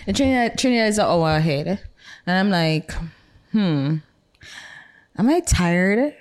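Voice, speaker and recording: A young adult woman with a Jamaican accent, co-hosting a podcast in casual chat, animated, blunt and teasing. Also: medium pitch, unhurried. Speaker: podcast co-host.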